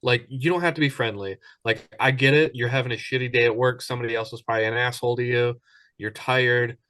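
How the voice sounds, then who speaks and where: A man's voice: medium pitch, fairly even intonation, quick pace, fairly bright tone, no room sound. Chatty man on a dry podcast mic. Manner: enthusiastic, rambling with many ums. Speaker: podcast co-host. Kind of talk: casual podcast chat.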